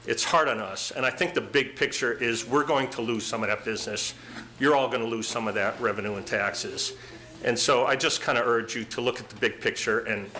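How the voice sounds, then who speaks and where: Man, bright voice, plainspoken, halting, restaurant owner at council podium. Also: medium pitch. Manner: plainspoken, halting, repeats words. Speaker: restaurant owner, public commenter. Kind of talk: public comment speech. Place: city council chamber.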